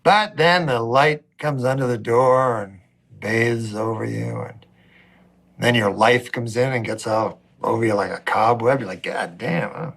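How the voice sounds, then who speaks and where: A man doing a rambling, wry stand-up routine, swinging between low mutters and a raised voice. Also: steady tone, measured pace, vocal fry, a bit bright. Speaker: stand-up comedian.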